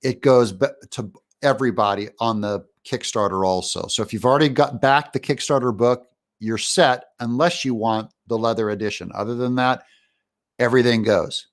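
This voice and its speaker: A man with an ordinary, mid-pitched voice talks as a livestream guest. He explains backer rewards and packages in a relaxed, chatty tone. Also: normal speed. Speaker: guest, comic book creator. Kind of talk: casual livestream chat.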